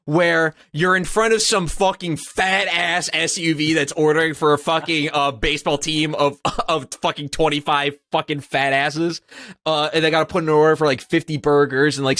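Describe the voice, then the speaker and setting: A man co-hosting a comedy podcast, ranting with heavy profanity and lurching between flat grumbles and shrill mocking voices. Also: moderate pace, dry recording, clean studio sound. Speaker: podcast co-host. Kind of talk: casual comedic rant.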